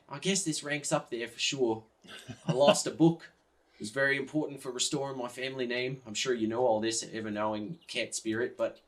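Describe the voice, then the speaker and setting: A man's voice: medium pitch, voice pushed up, natural voice. A man voicing a melodramatic grown male caravan driver who swings into despair at the smallest loss, in a raised, theatrical voice. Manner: theatrical, overwrought, gushing.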